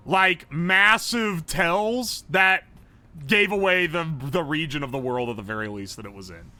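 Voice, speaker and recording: A male streamer thinking aloud over a food guessing game, excitable and profane. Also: a little high, measured pace, soft background music. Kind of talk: casual game commentary.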